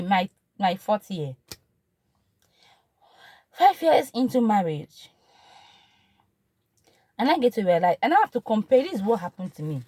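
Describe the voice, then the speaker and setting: A woman's voice: medium pitch, no echo. A woman in her thirties with a Nigerian accent, telling a personal story in an emotional, repetitive way. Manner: emotional, repetitive, shifts from animated to hushed. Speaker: vlogger. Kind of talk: personal testimony.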